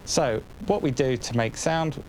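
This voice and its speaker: Relaxed man thinking aloud. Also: mid-range voice, a little slow. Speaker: electronics video host. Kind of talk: casual hands-on explanation. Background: synth tones playing.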